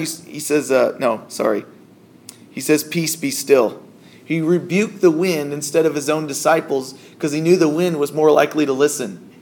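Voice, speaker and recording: A man's voice: on the high side, darkish tone. A man preaching a sermon in a conversational way, with asides and self-corrections. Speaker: pastor.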